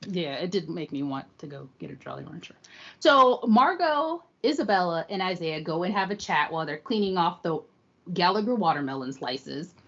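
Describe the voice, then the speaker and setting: A woman co-hosting a podcast recaps an episode in a low-ish, very animated voice at a moderate pace, with lo-fi sound. Her casual recap is teasing and playful, and she quotes the characters in voices.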